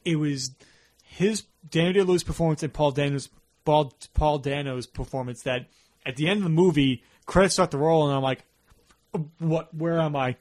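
A man hosting a casual podcast, telling stories with energy and slipping into quick impressions. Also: a little high. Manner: animated storyteller, slips into impressions. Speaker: podcast host. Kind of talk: casual chat.

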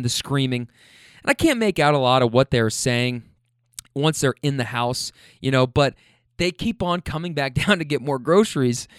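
A man's voice: on the high side, smooth, no room sound, clean studio sound. A man telling a casual story about a couple he drove, loose, chatty and profane.

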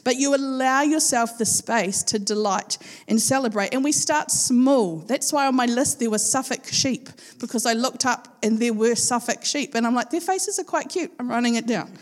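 A woman's voice: a little high, normal speed, few pauses. A woman giving a chatty, playful sermon to a live congregation, laughing often. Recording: long hall reverb.

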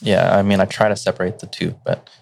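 A man with a deep, gravelly voice, rambling and relaxed. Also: fast talker, a little hiss or hum. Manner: relaxed, rambling storytelling with many fillers. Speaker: teacher and podcast guest. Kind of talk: casual conversation.

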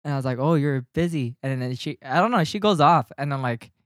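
Brief: storytelling podcast guy, animated and profane, mid pitch, dry close sound. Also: brisk, no echo. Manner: animated, swearing, laughs often, gets loud when worked up. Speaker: podcast co-host telling a story. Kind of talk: casual chat.

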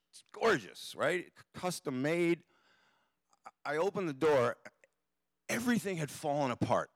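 A man's voice: on the high side, dry recording. Wry, profane man telling a story. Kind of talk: live comic storytelling. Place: theater stage.

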